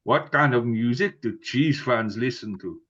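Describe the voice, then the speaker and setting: A man's voice: medium pitch, a little slow, fairly bright tone. A man hosting a podcast in casual chat, rambling with fillers and restarts. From Wales. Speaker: podcast host. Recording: dull lo-fi sound.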